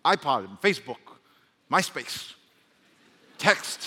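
A man's voice: sits high, normal speed, bright, forceful tone, big-room sound. A man, a pastor, preaching a sermon with call-and-response and joking asides. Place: church sanctuary.

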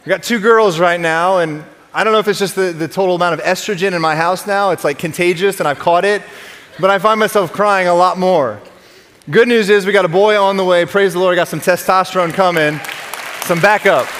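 High-voiced pastor in an echoing church. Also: male voice, fairly quick, a bit bright, a faint crowd. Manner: conversational, repeats words when restarting, jokes with congregation. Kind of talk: sermon. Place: church sanctuary. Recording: long hall reverb.

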